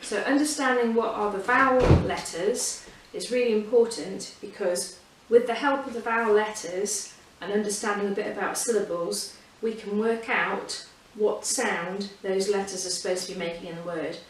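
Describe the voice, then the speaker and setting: A woman with a mid-range voice speaks at a moderate pace with few pauses as she teaches children about reading from home during lockdown. Patient and encouraging, she also sings a silly song. The audio is echoey, distant from the microphone, with a light hiss.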